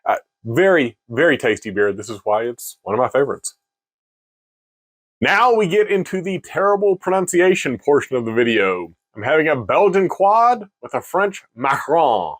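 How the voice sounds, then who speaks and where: A man's voice: a little high, normal speed. A man hosting a casual beer-tasting video, chatty and joking about his own pronunciation. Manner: chatty, self-mocking, lively. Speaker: beer reviewer, video host.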